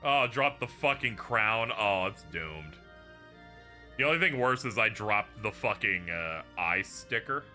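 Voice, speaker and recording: A man's voice: fairly low pitch, expressive, unhurried, bright, forceful tone, faint music behind. A young man chatting casually and profanely on a livestream, joking with friends. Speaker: streamer.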